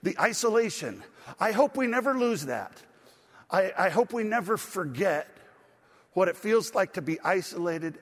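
A middle-aged male pastor with a slightly raised voice delivers a sermon, chatting through personal stories with plenty of "uh"s and false starts. His words ring out with the long reverb of a large church hall. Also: fairly high pitch. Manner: conversational storytelling with frequent fillers and restarts.

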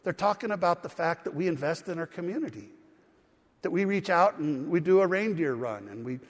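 A male pastor with a fairly high voice delivers a sermon, moving from a chatty story to emphatic preaching. The sound rings with long reverb in a church hall. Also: animated, brisk. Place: church sanctuary.

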